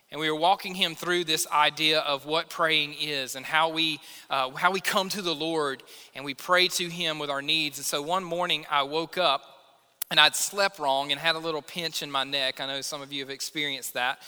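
Pastor, male, 30s; high, sharp voice, chatty sermon delivery, church hall reverb. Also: smooth. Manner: conversational, self-deprecating preaching with acted quotes. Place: church sanctuary.

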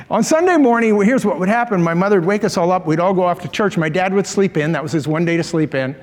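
A middle-aged man preaching a sermon, telling a story with humorous asides and laughing at his own jokes. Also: high-pitched. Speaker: pastor. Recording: long hall reverb.

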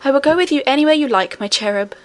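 Woman reader voicing a doting nursemaid, storybook, quick to take offence, fairly high voice. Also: expressive. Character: fond, touchy middle-aged nursemaid.

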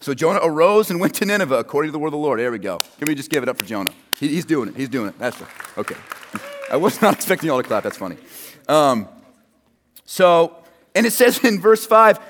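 A man's voice: on the high side, sing-song, fairly quick, a bit bright, in a large hall. A man preaching a sermon in a casual, conversational way, joking with his listeners.

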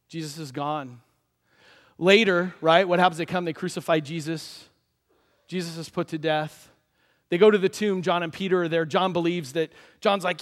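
This is a man's sermon in which he, as pastor, animates the story and acts out the people in it. His pitch leans high, his pace is moderate, and the space sounds large.

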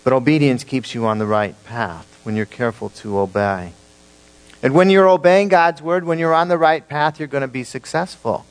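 A male pastor preaching an emphatic sermon to his congregation, swinging between loud declarations and hushed, slow emphasis. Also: mid-range voice, clear, resonant tone, low-quality recording.

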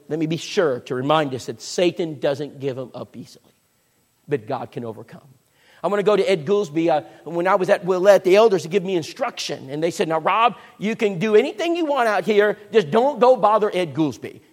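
A man, preaching a sermon as a folksy, animated storyteller. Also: mid-range voice. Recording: echoey hall with long reverb.

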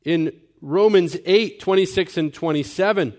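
A man's voice: sits high, moderate pace, a little mellow. A young-adult man pastor teaching a sermon earnestly, explaining scripture point by point. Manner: earnest, mimics people in quoted asides.

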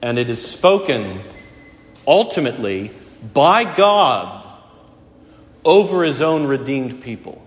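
A middle-aged male pastor preaches with a lively, rising-and-falling voice and a touch of dry humor. His words ring out in a church sanctuary with a long, echoing reverb. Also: medium pitch, slow pace, long pauses. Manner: conversational, gently humorous preaching. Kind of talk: sermon. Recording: echoey church hall.

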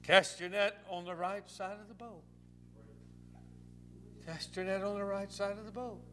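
Preacher doing a steady, raised-pitch teacher figure, firm and measured. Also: male voice, faint music behind. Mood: commanding. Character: calm commanding male teacher of disciples.

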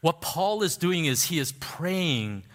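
A man preaching a sermon, telling a personal story in an animated way, laughing at himself and dropping soft and low when he turns to prayer. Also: slow. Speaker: pastor. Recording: long hall reverb.

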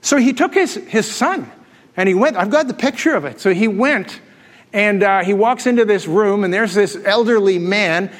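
A man with a high voice preaches to his congregation, mixing jokes and laughter into his storytelling. His voice rings out in a large church hall with a long reverb tail. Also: normal speed. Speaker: pastor. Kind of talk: sermon.

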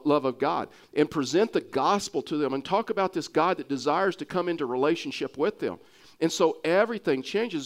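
A man preaching with a Texas accent, his voice sitting somewhat high for a man. He talks earnestly and keeps circling back, repeating and restarting phrases to drive a point home. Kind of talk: sermon.

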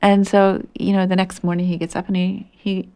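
Gravelly-voiced woman telling a story. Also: medium pitch, little pitch movement, moderate pace, dark tone. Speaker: radio show guest. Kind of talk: storytelling on a call-in show.

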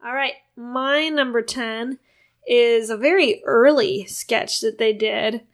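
A woman with a slightly high voice, chatting casually as a podcast co-host. She talks with eager enthusiasm, walking through a comedy sketch bit by bit. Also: slow pace. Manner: enthusiastic, retells sketches with acted quotes. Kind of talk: casual chat.

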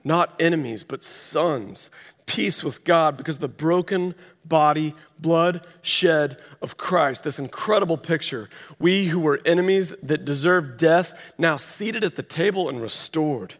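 A man's voice: a little high, unhurried. A man preaching a sermon, telling a story with dramatic voiced quotes. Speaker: pastor. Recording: long reverb of a large hall.

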